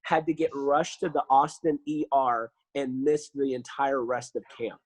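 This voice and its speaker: Husky, animated man telling stories. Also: mid-range voice, unhurried, dry recording, rough recording. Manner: animated storyteller, lots of fillers. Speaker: podcast guest. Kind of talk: casual podcast chat.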